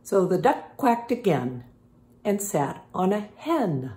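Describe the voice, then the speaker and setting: Slow, patient older woman reading to children. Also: mid-range voice, very animated, warm tone, reverberant. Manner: slow, patient storybook reading with animal sounds. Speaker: reading teacher. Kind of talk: children's phonics lesson and read-aloud.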